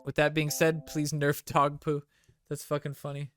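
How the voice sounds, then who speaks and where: A man's voice: fairly high pitch, monotone, normal speed, fairly bright tone, soft background music. A man hosting a game stream, chatting casually and reading viewer comments with loose, profane jokes. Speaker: streamer host.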